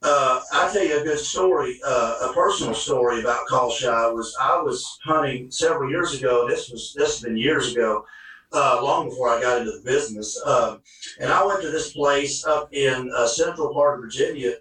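A man telling a hunting story in a folksy, animated way, recorded in an echoey room with the mic at a distance. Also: medium pitch, moderate pace. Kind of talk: casual storytelling.

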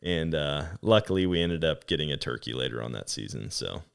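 Podcast host, male, very low voice, lively storyteller in loose casual chat. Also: fairly quick, creaky, clear, resonant tone. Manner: animated, laughing storyteller who acts out quotes.

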